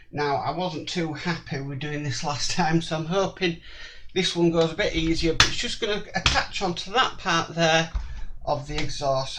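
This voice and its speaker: A man narrating a hands-on model-kit build, slow and apologetic, muttering as he works. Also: fairly high pitch, noisy background.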